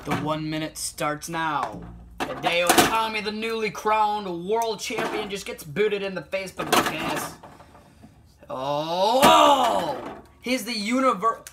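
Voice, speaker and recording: A man giving play-by-play commentary on a wrestling video game, bursting into shouted excitement and then dropping to low mutters. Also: very noisy.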